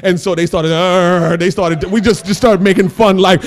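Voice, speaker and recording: High-voiced shouting preacher man. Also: fairly even intonation, normal speed, few pauses. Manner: shouting preaching that drops to quiet storytelling. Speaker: pastor. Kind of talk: sermon. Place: church.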